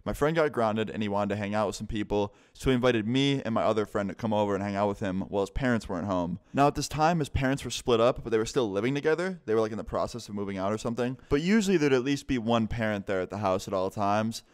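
Young dude doing a storytime vlog, kinda low voice, smooth and clear, swears a lot, just rambles along. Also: male voice, animated, quick pace, few pauses. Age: young adult. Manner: casual, profane, rambling storytelling. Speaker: vlogger.

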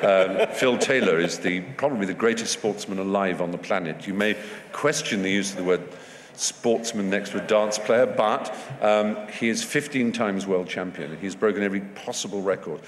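A man's voice: lowish voice, normal speed, hardly any pauses. A man speaking as a guest in an onstage festival conversation, discursive and wry, often restarting his sentences. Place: festival stage before an audience. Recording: long hall reverb, faint background noise.

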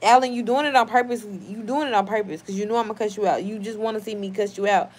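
Outdoors at home in the evening, a young woman livestreams casually, reading chat messages aloud and responding. Her medium-pitched voice is fast and fairly even in intonation with few pauses, and she's blunt, swears freely, and snaps back at trolls.

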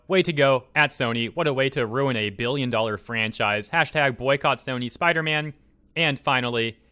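A man's voice: mid-range voice, sharp tone. A man hosting a casual commentary video, reading out posts and chatting about them with loose fillers and asides. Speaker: YouTube commentator.

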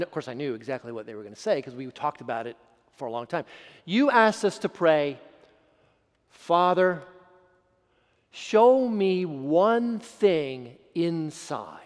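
A middle-aged pastor preaches in a fairly high voice, and long hall reverb trails each line. He tells his story with animation, acting out the voices of others and moving from loud bursts to near-whispers. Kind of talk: sermon storytelling. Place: church sanctuary.

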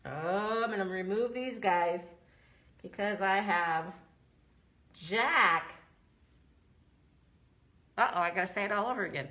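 A middle-aged woman leading a preschool story time as a librarian, talking in an animated sing-song way for small children. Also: mid-range voice, slow, pauses often.

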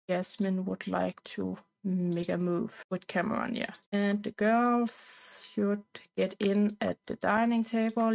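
A woman's voice: mid-range voice, vocal fry, darkish tone, low-quality recording. A woman casually narrating a life-sim game playthrough in a rambling, talkative way with loose grammar. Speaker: gameplay narrator.

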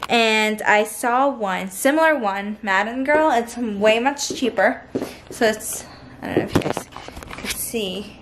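A woman's voice: on the high side, measured pace, noisy background. A young woman in her twenties chatting casually to camera as a lifestyle vlogger, bubbly and full of fillers. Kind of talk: casual vlog chat to camera.

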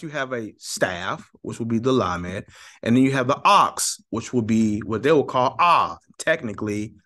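A man's voice: medium pitch, a bit bright. A man giving heated talk-to-camera religious commentary, emphatic and sarcastic, repeating his points and speaking straight to viewers.

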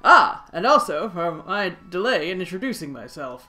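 A woman voicing a polite, formal male school director in a video game, with a courteous, brisk delivery. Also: fairly low pitch, very animated, bright, forceful tone.

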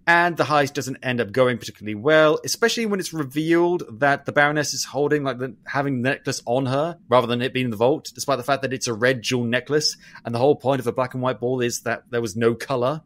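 A man, co-hosting a podcast and talking through a film review in a long-winded, animated way, swearing casually. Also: mid-range voice, fairly quick, no echo. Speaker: podcast co-host.

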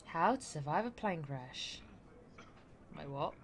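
A woman hosting a casual let's-play, reacting excitably to a game and swearing in surprise. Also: low voice, slow, noisy background. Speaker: gameplay video host.

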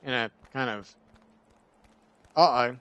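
A man giving casual commentary while playing a video game, chatty and prone to excitable outbursts and swearing. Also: medium pitch, takes it slowly, no room sound, muffled recording. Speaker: let's play gamer.

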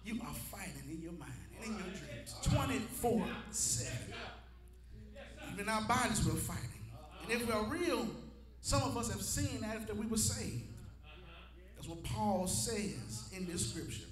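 A man preaching a sermon to a responding congregation, building from storytelling into shouted preaching. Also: high-pitched, expressive, measured pace, crowd noise. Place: church sanctuary. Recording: echoey church with organ music. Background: congregation call-outs and organ.

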